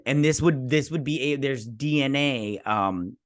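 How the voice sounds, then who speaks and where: Rambling, excitable man recapping an episode. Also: mid-range voice, measured pace, hardly any pauses, no echo, clean studio sound. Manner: rambling, excitable, heavy use of "like". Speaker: show recap vlogger.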